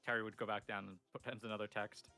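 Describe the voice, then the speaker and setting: A man's voice: on the low side, flat delivery, fast talker, pushed and bright, soft background music. A man playing a tabletop game, joking and laid-back. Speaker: player. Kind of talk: casual chat.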